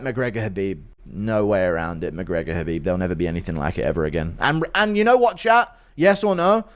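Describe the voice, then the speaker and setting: A man's voice: low-pitched, a little fast, few pauses. A man hosting a livestream, reading chat donations and ranting with heavy swearing. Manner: profane, ranting, animated. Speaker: livestream host.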